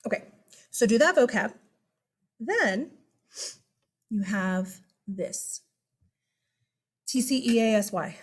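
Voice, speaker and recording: A woman teacher walks her students through an online class in a relaxed, chatty way, with plenty of fillers and an upbeat tone. Her voice sits a little high. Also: takes it slowly, pauses often. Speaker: high school history teacher. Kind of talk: casual online class instruction.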